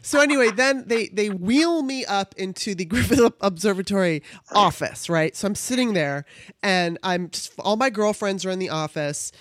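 A woman's voice: mid-range voice, moderate pace, dry recording, clean studio sound. A woman from Southern California telling a personal story in casual chat. She acts out the voices of the people in it and laughs as she goes.

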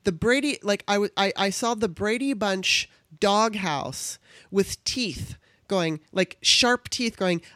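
A woman from Southern California tells a story in a loose, chatty way. She jumps into the voices of the people in it and laughs along the way. Her voice sits at a middle pitch and is recorded dry and close. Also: slow, no room sound. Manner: animated, acts out quoted voices, laughs through the story. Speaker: guest telling a personal story. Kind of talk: casual storytelling.

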